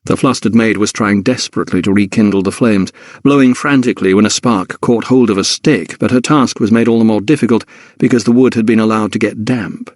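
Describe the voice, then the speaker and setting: Male narrator, low-ish voice, dry close studio read, measured pacing. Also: a little mellow, dry recording. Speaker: audiobook narrator. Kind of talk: scripted narration.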